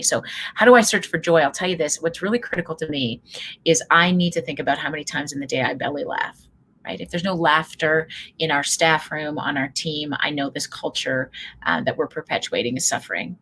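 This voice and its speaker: A middle-aged woman giving an energetic motivational talk, telling stories and acting out quotes loudly. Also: low voice, a little fast, slight background noise, poor audio. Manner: animated storyteller, acts out quotes loudly. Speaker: speaker leading a workshop.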